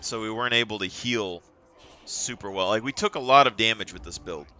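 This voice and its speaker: Bright, clear-voiced young male streamer. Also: on the low side, brisk. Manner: rambling, chatty storytelling. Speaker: game streamer. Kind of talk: casual chat while playing.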